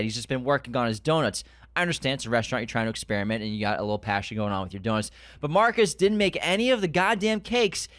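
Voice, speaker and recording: A man co-hosting a casual podcast chat about a TV series. He talks in a fairly high voice, animated, and swears freely. The sound is close and dry with no room. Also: no room sound. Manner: animated, swears, acts out scenes in a raised voice. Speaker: podcast co-host.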